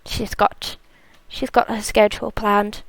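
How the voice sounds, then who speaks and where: A woman's voice: mid-range voice, flat delivery, measured pace, gravelly, no echo. A woman from South Africa hosting a live stream, chatting casually, laughing and reading out viewer comments. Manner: chatty, laughs often, reads chat aloud.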